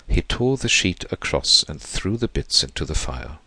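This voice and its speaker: Male audiobook narrator, low voice, measured, dry close sound. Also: very animated, sharp tone, husky, dry recording. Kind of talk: audiobook reading of a classic novel.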